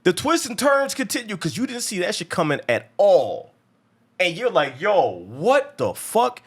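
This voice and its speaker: His voice is high and very animated, with a breathy edge, and he talks at a normal speed. As host of a movie review show, he recaps a film in a loose, rambling way, restarting constantly, swearing freely, and acting out lines.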